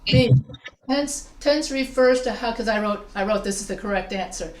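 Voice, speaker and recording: A woman writing instructor teaches a grammar lesson to an online class, explaining slowly and step by step with examples and calling on students with questions. Her voice is mid-range, heard in an echoey room with a little hiss or hum.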